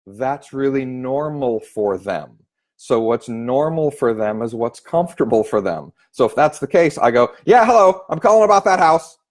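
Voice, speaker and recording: A man giving a sales training talk, animated and acting out phone voices as he explains. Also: mid-range voice. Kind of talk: spoken training tip.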